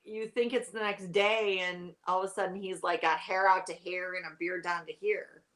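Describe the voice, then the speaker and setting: A woman's voice: fairly low pitch, steady tone, normal speed, fairly bright tone. Tired, rambling woman guest. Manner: rambling, heavy use of "like". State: tired, yawning. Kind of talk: casual chat about a TV show.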